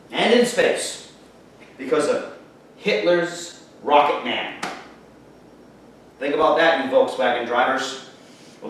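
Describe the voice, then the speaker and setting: A man teaching a history lecture, lively and sarcastic, talking straight to his class. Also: mid-range voice, slight background noise. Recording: echoey room, far from mic.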